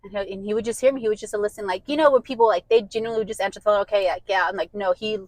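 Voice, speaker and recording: A woman in her thirties being interviewed, speaking haltingly with many fillers and an emotional tone. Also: mid-range voice, darkish tone, no room sound, low-quality recording. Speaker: interview guest. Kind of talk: casual interview.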